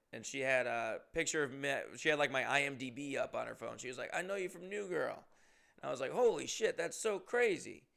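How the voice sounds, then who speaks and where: A comedian from Massachusetts telling a rambling, profane story in a casual way and acting out what people said. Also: male voice, medium pitch, creaky, fairly bright tone. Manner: rambling, profane, acts out quotes. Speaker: comedian and podcast host.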